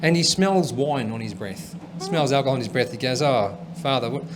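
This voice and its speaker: A man's voice: mid-range voice, animated, brisk. A man hosting a comedy show, telling stories and jokes in a rambling, chatty way with lots of fillers. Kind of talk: stand-up storytelling and joke telling. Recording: faint background noise.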